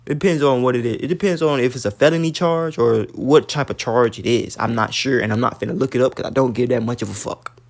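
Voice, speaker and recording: A man's voice: mid-range voice, fast. A man giving a blunt, profane casual rant as an online commentator, stumbling and repeating words, citing scripture. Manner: blunt, emphatic, swears often, repeats words; preachy, cites scripture. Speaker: online commentator reading news.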